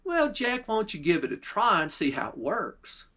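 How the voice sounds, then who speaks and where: A kind young country girl in a spoken folk tale, with a man voicing her. She speaks softly and confidingly, and her voice stays fairly high. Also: huge pitch swings, normal speed, exaggerated voice. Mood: friendly.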